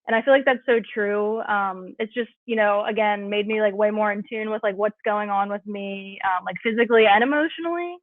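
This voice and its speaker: A woman's voice: medium pitch, a little fast, hardly any pauses, no room sound. Chatty woman on a tinny line. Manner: chatty, full of "like" and "um" fillers. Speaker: guest, cycle syncing coach. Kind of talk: casual podcast chat. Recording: tinny phone-like line, dry.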